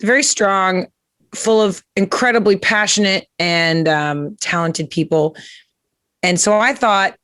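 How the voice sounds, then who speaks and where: A comedian host chatting loosely and jokily, stumbling through fillers and restarts. The voice sits at a middling pitch. It is recorded close and dry, with no room sound. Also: slow, fairly bright tone, clean tone, dry recording. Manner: rambling, jokey, many fillers and restarts. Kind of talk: casual live-stream interview chat.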